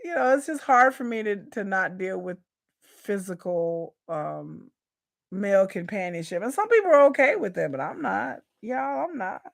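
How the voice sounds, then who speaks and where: A woman hosts a live reaction show and talks openly to her audience about her personal life. She speaks in a loose, chatty way, doubles back on her words often and calls her viewers "y'all." Her voice sits at a middle pitch with a gravelly texture. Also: expressive, moderate pace, no room sound, studio quality. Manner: chatty, frank, repeats and restarts. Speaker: YouTube reaction host. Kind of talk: candid personal rant.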